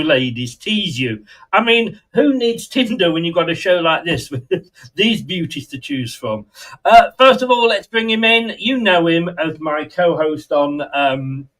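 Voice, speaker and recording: A man's voice: a little high, fairly bright tone, rough recording. A man hosting a fan channel talk show, joking and rambling with frequent laughs. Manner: jokey, rambling, laughs often. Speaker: podcast host. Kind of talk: casual chat.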